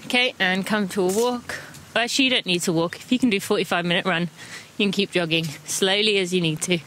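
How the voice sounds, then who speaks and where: A woman's voice: medium pitch, fairly even intonation, quick pace, a bit bright, a little hiss or hum, low-quality recording. An English woman hosting a running podcast, chatting casually and counting listeners into strides as she walks outdoors. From England. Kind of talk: casual audio running guide. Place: walking outdoors.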